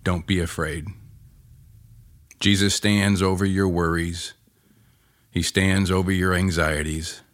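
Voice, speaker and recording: A man teaching on a Bible passage for his podcast, earnest and unhurried, often restarting his sentences. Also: low-pitched, flat delivery, dry recording, clean studio sound. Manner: slow, earnest, with many restarts and pauses.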